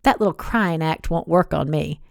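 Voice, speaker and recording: A woman voicing a gruff young cowboy who speaks in a lowered, sneering voice during a storybook romance reading. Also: moderate pace, dry recording, clean studio sound.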